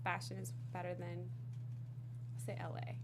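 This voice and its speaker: A woman hosting a casual talk show, giggling and animated, sometimes tripping over her words. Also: lowish voice, normal speed, gravelly, noisy background. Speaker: host. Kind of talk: casual chat.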